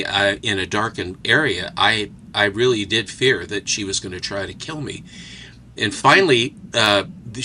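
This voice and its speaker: A man telling a casual anecdote as a guest, animated and acting out the people in his story. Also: lowish voice, slight background noise, low-quality recording. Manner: animated storyteller who acts out characters.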